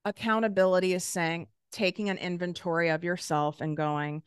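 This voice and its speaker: A woman's voice: fairly low pitch, fairly even intonation, normal speed, hardly any pauses, clear, resonant tone, dry recording, studio quality. A middle-aged woman coaching her audience in a blunt, direct motivational talk, swearing freely as she goes. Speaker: business and manifestation coach.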